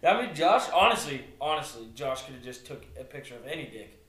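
A man's voice: medium pitch, big pitch swings, a little fast, recorded from a distance, a crowd in the background. Wry man in an echoey room. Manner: short reactions and wry quips. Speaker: podcast co-host. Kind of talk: casual chat. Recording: echoey room, mic set back.

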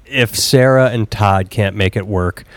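A male podcast co-host with a fairly low voice, talking casually and with wry sarcasm. The sound is dry and close, with no room around it. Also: unhurried, no room sound. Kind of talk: casual chat.

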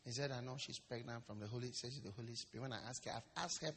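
A man preaching a sermon in a lively, storytelling way, acting out quotes and jokes. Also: mid-range voice, quick pace, slight background noise. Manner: animated, storytelling with acted quotes and stammering imitations. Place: church service hall. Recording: long reverb of a large hall.

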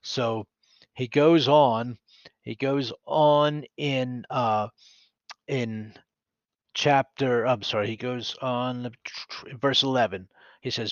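An earnest man teaches scripture on a podcast in a mid-range voice. He reads verses aloud with animated emphasis and trips over his own sentences now and then. The sound is dry and a little muffled. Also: medium pitch, slow, pauses often, no room sound. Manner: earnest, animated, self-deprecating, with restarts. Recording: dry, slightly dull recording.

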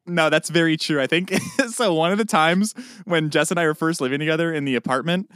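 Smooth-voiced man telling animated stories. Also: a little high, fairly quick, no echo, clean studio sound. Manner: animated storytelling with loud acted-out outbursts. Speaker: podcast co-host. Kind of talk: casual chat.

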